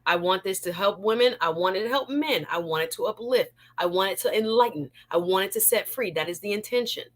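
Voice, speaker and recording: A Jamaican woman hosts a live online talk show, lively and playful, laughing often as she greets viewers and gives shout-outs to the chat. Her voice is medium in pitch and a little fast.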